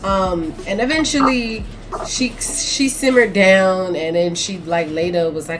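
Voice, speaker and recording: A woman co-hosting a casual chat, telling a story in an animated, emphatic way that swings between loud and soft. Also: fairly low pitch, a little slow, background noise. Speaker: podcast co-host; teacher.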